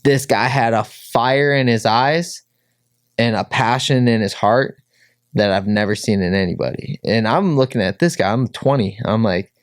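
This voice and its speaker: A man's voice: mid-range voice, moderate pace, no echo, studio quality. A man from Minnesota, a pro fighter, telling his personal story as a guest, full of "like" fillers and acted-out quotes. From Minnesota, USA. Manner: heavy "like" fillers, acts out quotes.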